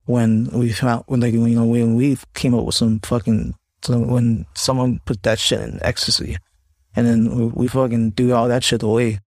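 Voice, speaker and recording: A man's voice: medium pitch, flat delivery, moderate pace, a little mellow, no echo. A man vlogging, rambling in a casual rant with heavy swearing and many restarts.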